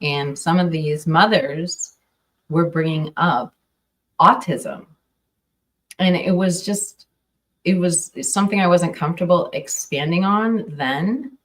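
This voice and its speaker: A woman's voice: fairly low pitch, takes it slowly, recorded from a distance. A woman commenting casually on a livestream, hesitant and full of fillers and restarts. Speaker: true crime streamer.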